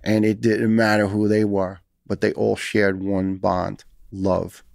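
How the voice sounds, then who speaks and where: A man's voice: lowish voice, gravelly, a little mellow, no room sound, clean studio sound. A man in his fifties with a New York accent, talking earnestly and emphatically as a guest on a podcast interview. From United States. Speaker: retired firefighter guest.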